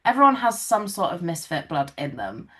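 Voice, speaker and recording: A woman's voice: on the low side, sing-song, moderate pace, fairly bright tone. A British woman in her twenties, a singer chatting casually as an interview guest, talkative and self-mocking, with many "like"s. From United Kingdom.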